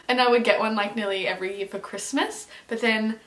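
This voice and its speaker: A woman's voice: a little high, steady tone, fairly quick. A young woman, chatting casually as she reacts to music, gushing and scattering lots of fillers. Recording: echoey room.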